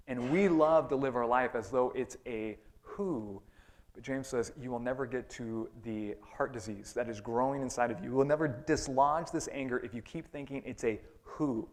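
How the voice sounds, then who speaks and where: A man preaching a sermon as pastor, acting out the complaints of imagined listeners and answering them in a conversational way. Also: medium pitch. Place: church sanctuary.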